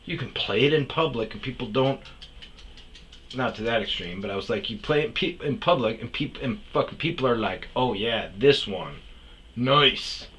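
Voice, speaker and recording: A man's voice: medium pitch, moderate pace, fairly bright tone, slight background noise, rough recording. A man hosting a podcast, telling a story in a profane, heated rant that keeps restarting its sentences. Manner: swears often, restarts sentences, gets heated. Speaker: podcast host.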